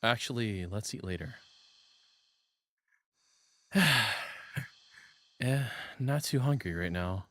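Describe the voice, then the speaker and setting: A man's voice: fairly low pitch, lively intonation, slow, pauses often, dry recording, studio quality. A man playing a text game, reading its narration aloud and breaking off into giggly, self-deprecating asides. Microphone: studio shotgun mic on a boom arm.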